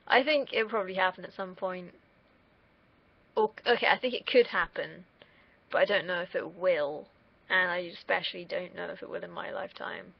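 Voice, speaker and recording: A woman's voice: fairly low pitch, normal speed, gravelly. A young woman from the UK, vlogging in a rambling, self-deprecating monologue and swearing freely. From United Kingdom. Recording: dull lo-fi recording.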